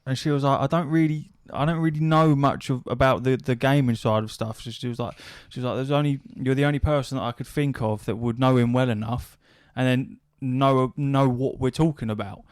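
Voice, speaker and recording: A man's voice: mid-range voice, steady tone, fairly quick, hardly any pauses, smooth, no echo, clean studio sound. Man swearing through a casual story. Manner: swears freely, relays a story with quoted back-and-forth dialogue. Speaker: podcast host.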